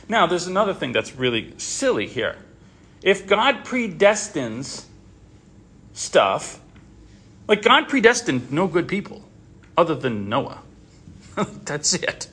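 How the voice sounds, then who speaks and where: A man in his thirties leading a casual group Bible discussion, rambling and animated, with frequent restarts. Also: fairly high pitch, a little slow, husky. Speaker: Bible study leader.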